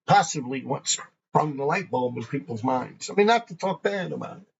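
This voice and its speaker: A man's voice: mid-range voice, animated, moderate pace, gravelly, highs cut off. A man hosting a graffiti show, telling rambling, profane stories in a casual way. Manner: rambling, profane, laughing often. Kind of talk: casual storytelling.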